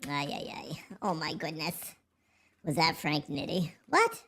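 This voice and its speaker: A man's voice: on the high side, little pitch movement, measured pace, a bit bright, slight background noise. A man hosting a casual livestream, joking, rambling and swearing freely as he reads the chat. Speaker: livestream host.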